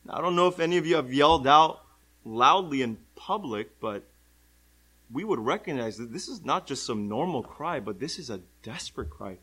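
A young adult man preaching a sermon, moving between hushed lines and loud, drawn-out cries. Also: mid-range voice, lively intonation, breathy edge, poor audio.

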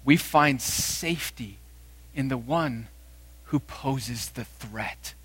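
A man preaching a sermon, swinging between loud emphatic declarations and quiet, low phrases. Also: slow, husky.

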